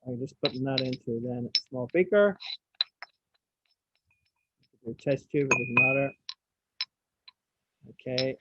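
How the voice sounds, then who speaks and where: A man's voice: mid-range voice, unhurried, pauses often, very noisy. A man teaching a science practical over a video call, casual, asking the class questions as he demonstrates. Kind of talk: online science lesson. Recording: dull lo-fi sound, dry.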